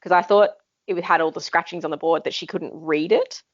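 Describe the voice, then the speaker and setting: A woman's voice: fairly low pitch, fairly quick, dry recording, muffled recording. A woman co-hosting a book-club podcast, expressively describing how she first read a scene. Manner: expressive and laughing while telling her reaction. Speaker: podcast co-host. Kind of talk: casual book-club chat.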